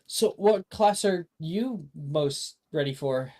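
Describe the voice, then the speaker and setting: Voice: medium pitch, expressive, slow, a little mellow, pitched above the performer's own voice. The game master voicing a nervous, awkward boy wizard student who stammers.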